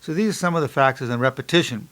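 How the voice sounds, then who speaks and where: A psychologist in his sixties giving an instructional lecture, emphatic on key points and slow and soft when guiding an exercise. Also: medium pitch. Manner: repeats affirmations slowly and softly during exercise.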